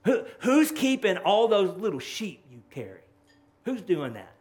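A preacher playing an irritated older brother who fires scornful questions at his younger sibling. The voice sits a little high, and the delivery is quick and snappish. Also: big pitch swings, darkish tone.

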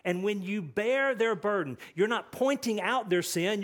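A pastor delivering a passionate sermon. His voice sits a little high for a man, and he swings from loud, emphatic repeated phrases down to near-hushed asides, now and then rushing ahead in quick bursts. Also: animated.

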